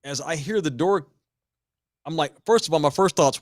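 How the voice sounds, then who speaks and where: Animated man telling a story. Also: fairly high pitch, moderate pace, dry recording, studio quality. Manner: animated, laughing, swearing storyteller. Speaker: podcast host. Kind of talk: casual storytelling.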